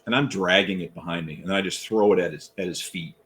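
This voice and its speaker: A man playing a tabletop game, describing his character's actions in a deliberate way. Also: deep voice, fairly bright tone, slight background noise. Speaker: player.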